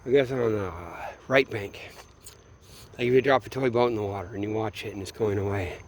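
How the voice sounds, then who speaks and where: A man's voice: fairly low pitch, fairly quick, a little hiss or hum. A man from Minneapolis in a meandering, late-night solo monologue, swearing freely and often trailing off mid-thought. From Minneapolis, USA. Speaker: vlogger.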